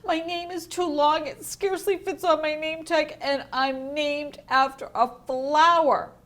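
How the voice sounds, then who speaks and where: An earnest, childlike little storybook girl, read aloud by a woman, speaking high and slow. She sounds like a small child. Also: steady tone. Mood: miserable. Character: little girl mouse with a flower name.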